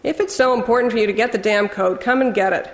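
A woman's voice: on the high side, fast talker, reverberant, in a large hall, natural voice. A woman voicing an angry middle-aged husband who bellows sarcastic retorts at his ex-wife. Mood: scornful.

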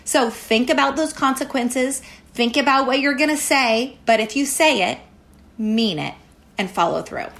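A woman giving parenting advice as a guest, emphatic and lively, often repeating her key phrases. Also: sits high, moderate pace, creaky. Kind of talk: advice talk.

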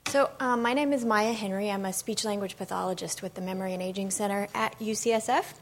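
Woman clinician giving a talk, slight vocal fry, chatty lecture manner. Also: medium pitch, fairly even intonation, fast talker, slight background noise. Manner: many ums, conversational explaining. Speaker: speech-language pathologist. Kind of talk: public lecture.

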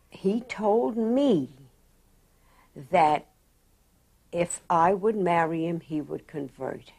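Slow-talking elderly woman telling her life story. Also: lowish voice. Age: older. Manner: slow, reflective, animated in quotes. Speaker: interviewee. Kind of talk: oral history storytelling.

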